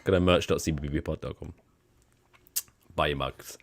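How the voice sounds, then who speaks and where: A man's voice: a bass voice, steady tone, moderate pace, creaky. A man co-hosting a podcast in casual chat, upbeat and teasing his co-host.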